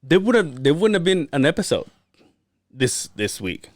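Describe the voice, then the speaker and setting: A podcast host with a slightly high voice speaks at normal speed in studio-quality audio with no room sound. Chatting casually, he tells stories animatedly, swearing a lot and acting out quotes.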